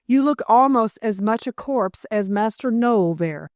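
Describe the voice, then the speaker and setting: A plump little country housekeeper scolds and fusses in rustic speech, as a woman reads her. Her voice sits higher than the narration. The recording is close and dry, like a storybook audiobook. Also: animated, unhurried, no echo. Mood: fussing, bossy. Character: rosy little old housekeeper, bossy, fussing.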